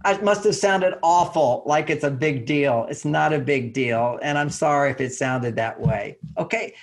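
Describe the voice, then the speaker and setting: An older man, a relationship author, giving casual advice in an interview and acting out short exchanges between partners. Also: normal speed. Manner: animated, acts out little dialogues in higher voices, chuckles often.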